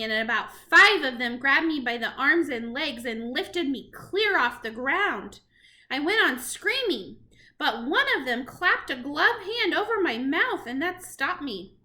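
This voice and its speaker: A woman reading a storybook chapter aloud to children in an expressive, dramatic way. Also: sits high, unhurried. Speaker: reader to children.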